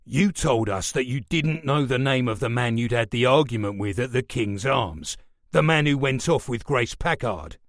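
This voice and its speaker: A man voicing a stern, menacing police superintendent who talks in a measured, remorseless way. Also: medium pitch, expressive, no echo, studio quality, lightly acted. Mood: cold.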